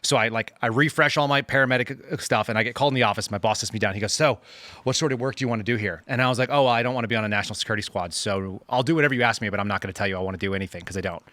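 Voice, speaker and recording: Brief: quick, bright male storyteller, dry close mic, acts out dialogue. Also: on the low side, no room sound. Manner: animated anecdote teller, acts out dialogue. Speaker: guest, former FBI agent. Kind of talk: casual panel chat, storytelling.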